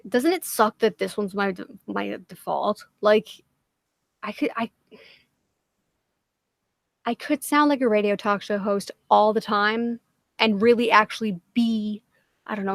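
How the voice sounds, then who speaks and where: Gravelly, foul-mouthed Boston woman. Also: medium pitch, fairly even intonation, measured pace, long pauses, no echo. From Massachusetts. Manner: profane, rambling, self-deprecating. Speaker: livestream host. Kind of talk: casual livestream chat.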